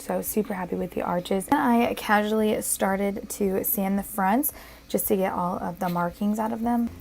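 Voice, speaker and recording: A woman's voice: mid-range voice, gravelly, dark tone, slight background noise. A young woman narrating her building project in a bubbly, enthusiastic vlog style. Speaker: vlogger.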